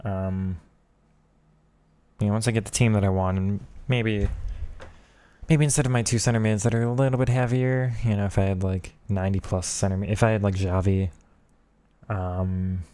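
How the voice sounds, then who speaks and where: A man's voice: fairly low pitch, fairly even intonation, normal speed, warm tone, clean tone, no room sound. A man streaming a football video game, talking casually and with frustration at the match while chatting with viewers. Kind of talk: casual gaming commentary.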